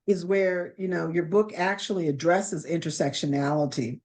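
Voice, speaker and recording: Low-pitched woman asking rambling questions. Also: steady tone, moderate pace, a little mellow. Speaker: interviewer. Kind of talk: webinar interview.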